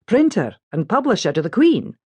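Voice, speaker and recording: A woman voicing an earnest, flustered woman near thirty, speaking in a polite, halting manner, in an audiobook. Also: mid-range voice, lively intonation, dark tone, no echo, pitched above the performer's own voice, close to an everyday voice. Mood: proud.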